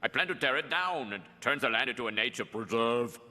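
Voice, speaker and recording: A man's voice: mid-range voice, expressive, a little fast, sharp tone. An actor playing a pompous, muscle-bound male action star in a cartoon sitcom, speaking with grandiose stiffness. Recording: reverberant clip with music behind.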